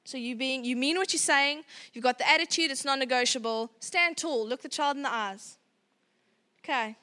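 A woman in her thirties giving a casual parenting workshop talk, chatty and animated, acting out parents and children. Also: high voice, moderate pace. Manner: chatty and animated, acts out parent and child voices, laughs often.

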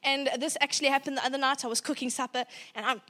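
A South African woman in her thirties shares parenting stories in a loose, chatty way, slipping into little acted-out bits of dialogue and laughing as she goes. Her voice sits high and sounds bright and forward. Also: fast talker. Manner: animated, laughing, acts out dialogue. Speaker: parenting educator. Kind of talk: casual storytelling talk.

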